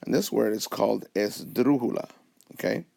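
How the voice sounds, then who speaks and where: Gravelly low-voiced man teaching a lesson. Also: expressive, moderate pace, darkish tone. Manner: patient, explains step by step, often checks with "okay?". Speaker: Spanish teacher. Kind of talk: recorded whiteboard lesson. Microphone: tablet recording.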